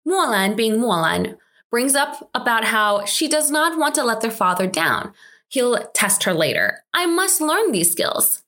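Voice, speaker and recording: Lively, wry woman recapping a drama. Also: fairly high pitch, unhurried. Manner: wry, chatty, lightly sarcastic. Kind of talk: scripted episode recap with commentary.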